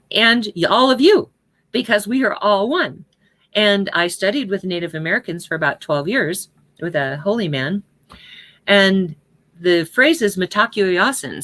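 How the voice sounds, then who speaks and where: A woman with a fairly low, sharp-toned voice gives a spiritual teaching talk on prayer. Her style is conversational, and she keeps checking in with her listeners by asking "right?" and "okay?".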